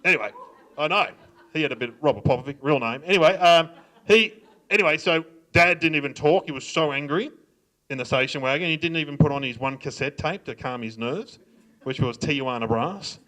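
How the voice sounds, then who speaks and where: Animated Australian man telling stories. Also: fairly high pitch, fairly quick. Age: middle-aged. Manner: animated, acts out voices of family and cops, laughs often. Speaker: stand-up comedian. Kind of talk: stand-up storytelling. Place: library event before a live audience.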